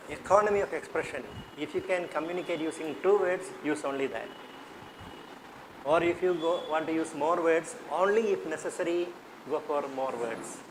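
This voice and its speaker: This teacher trainer, a man with an Indian English accent and a voice on the high side, runs a teacher workshop where he quizzes the class and repeats himself for emphasis. Background noise can be heard.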